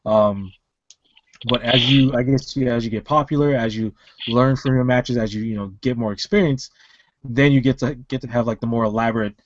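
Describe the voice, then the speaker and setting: A man's voice: medium pitch, fairly even intonation, normal speed, lo-fi sound. A man co-hosting a casual wrestling podcast over an online call, rambling with many fillers and restarts. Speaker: podcast co-host.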